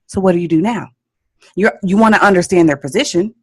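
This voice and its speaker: Emphatic woman parenting coach, lively pitch. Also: fast, slightly rough. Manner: emphatic, repeats key points with frequent "okay?" check-ins. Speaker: parenting coach and podcast host. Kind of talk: instructional podcast advice.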